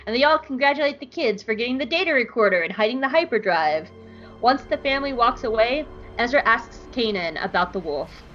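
A woman podcast host giving a lively, irreverent, casually profane recap of an episode. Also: fairly high pitch, fairly quick, muffled recording, soft background music.

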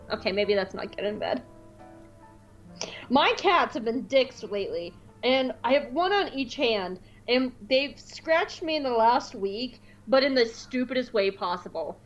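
A woman co-hosting a podcast, chatting casually, laughing often and acting out quotes in squeaky voices. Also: animated, measured pace, muffled recording, soft background music. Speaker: podcast co-host. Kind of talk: casual chat, recapping an episode.

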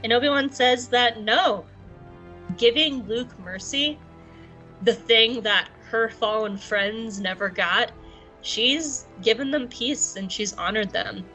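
A woman's voice: a little high, takes it slowly, sharp tone, faint music behind, poor audio. A woman co-hosting a podcast, recapping an episode in a chatty, jokey way. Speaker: podcast co-host.

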